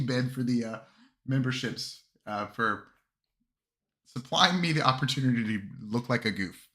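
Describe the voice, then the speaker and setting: Bright-voiced casual male streamer. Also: mid-range voice. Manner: rambling with many fillers and restarts; chuckles often. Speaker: streamer reviewing army lists. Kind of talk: casual livestream chat.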